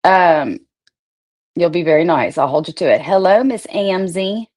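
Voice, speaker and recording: A woman's voice: lowish voice, animated, unhurried, a little mellow. A woman hosting a casual livestream, greeting viewers by name and swearing freely. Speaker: livestream host.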